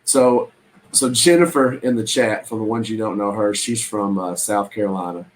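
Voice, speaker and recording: A man, his voice sitting a little low. He talks in a loose, rambling, folksy way, full of ums and false starts, like he's chatting with viewers in a live stream. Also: normal speed, rough recording. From Southern United States. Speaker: reseller hosting a live stream. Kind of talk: casual live-stream chat.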